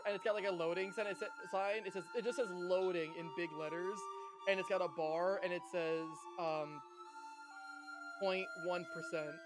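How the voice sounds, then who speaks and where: A man's voice: high-pitched, fairly even intonation, normal speed, music in the background. A man narrating as game master of a tabletop game, rambling with many fillers and laughs. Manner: rambling, giggly, filler-heavy.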